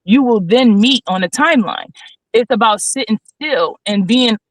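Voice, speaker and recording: A woman in her thirties talking as a podcast guest, animated and preachy, checking in with "right?" again and again. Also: on the high side, normal speed, no echo, low-quality recording. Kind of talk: casual podcast discussion. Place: studio.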